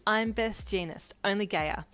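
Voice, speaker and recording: A woman voicing a flamboyant, excitable young gay man who squeals and talks with sass. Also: mid-range voice, a little slow, lightly acted. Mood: sassy. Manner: dramatic, squealing, sassy.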